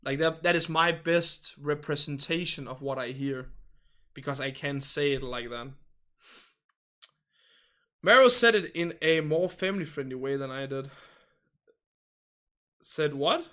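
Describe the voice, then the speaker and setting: A man's voice: fairly high pitch, unhurried, pauses often, sharp tone. A young man from Denmark, chatting casually with viewers as a livestreamer in a rambling, hesitant, politely hedging way. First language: Danish. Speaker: game livestreamer.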